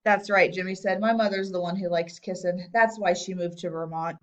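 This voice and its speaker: A woman's voice: lowish voice, fairly even intonation, fairly quick, lo-fi sound, close to an everyday voice. Woman reading a matter-of-fact young boy. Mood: chatty. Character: chatty boy, the narrator's friend.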